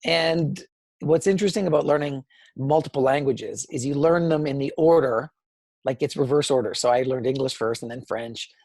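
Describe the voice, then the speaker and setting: A Canadian man, an interview guest, telling personal stories in an animated way and acting out quoted dialogue. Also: medium pitch, normal speed, dry recording, studio quality. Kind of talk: conversational storytelling.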